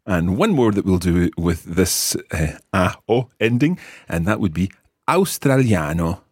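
A man's voice: deep voice, animated, a little slow, breathy edge, no room sound, clean studio sound. A Scottish man teaching a podcast language lesson, patiently modelling words for learners. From Scotland.

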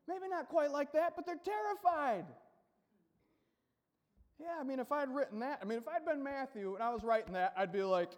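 Male pastor, very high voice, playful storytelling sermon, long hall reverb. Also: lively intonation, normal speed. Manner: casual, joking storyteller who acts out the scene.

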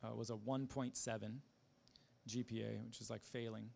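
A man giving a personal testimony in a casual, halting way, with many fillers, restarts and self-deprecating laughs. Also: fairly low pitch, flat delivery, creaky, a little mellow, slight background noise.

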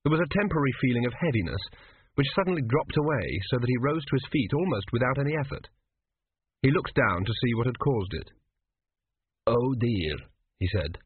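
A man's voice: medium pitch, sing-song, quick pace, breathy edge, no room sound. A man reading an audiobook in a dry, wry storytelling manner. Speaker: audiobook narrator. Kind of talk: scripted narration. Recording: dry tinny phone-like sound.

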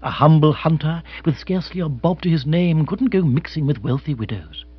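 A man narrating an audiobook in a dry, measured storytelling way. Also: on the high side, expressive, slightly rough, dull audio. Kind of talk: audiobook reading.

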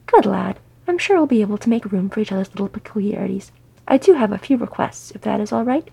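A woman's voice: mid-range voice, lively intonation, fast talker, gravelly, warm tone, husky. A woman voicing an old male hobbit who is fussy, kindly and rambling.

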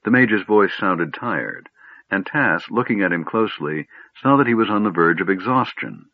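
A man narrating a fantasy story in a measured storytelling manner. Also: low voice, lively intonation, dry recording. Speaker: audiobook narrator. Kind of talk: scripted narration. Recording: dry, tinny phone-like audio.

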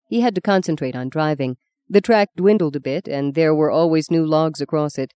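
A woman narrating a novel as an audiobook in a measured, expressive storytelling voice. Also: low-pitched, clean tone, no room sound. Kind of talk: scripted narration.

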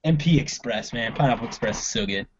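A man's voice: mid-range voice, lively intonation, a little fast, a little hiss or hum. A man co-hosting a casual chat about comedy films, laid-back, swearing freely and laughing often. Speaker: podcast co-host. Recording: lo-fi dull audio.

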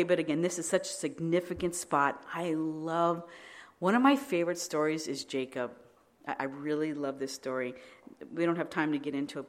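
A middle-aged woman preaching a sermon, telling animated stories with frequent laughter and restarts. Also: low voice.

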